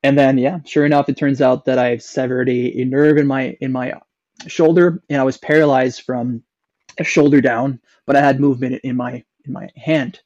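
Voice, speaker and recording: A young Canadian man, guesting on a podcast, tells a long personal story in a darkish voice with fairly even intonation at normal speed. He rambles casually with many fillers and restarts. The sound is dull and low-fidelity, with no echo.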